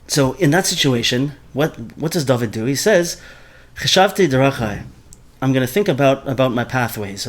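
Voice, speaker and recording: Man teaching a Torah class. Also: mid-range voice. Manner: animated, mixes Hebrew terms into speech, repeats words often.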